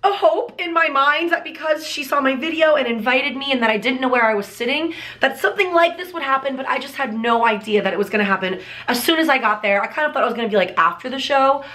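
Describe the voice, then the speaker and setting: A young woman talks straight to the camera in a high, bright voice, with an edge of brilliance to it. She gushes through her storytime vlog breathlessly and leans on "like" at every turn. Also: quick pace, hardly any pauses. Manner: gushing, breathless retelling full of "like" fillers. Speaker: vlogger.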